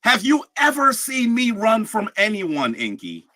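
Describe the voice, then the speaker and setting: A man in a heated livestream argument, confrontational and shouting his challenges. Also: high-pitched, wildly swooping pitch, measured pace, dry recording.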